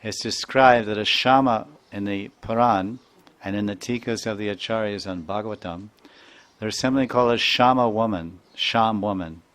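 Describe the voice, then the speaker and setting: A man giving a devotional lecture as a spiritual teacher, chanting verses and imitating sounds in a playful, animated way. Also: lowish voice, moderate pace. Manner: animated, playful, mimics sounds and voices, chuckles often.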